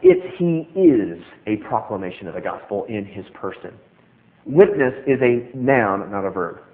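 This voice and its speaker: A middle-aged man preaching a sermon, emphatic and animated, repeating key phrases for stress. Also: on the low side, moderate pace. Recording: tinny phone-like sound.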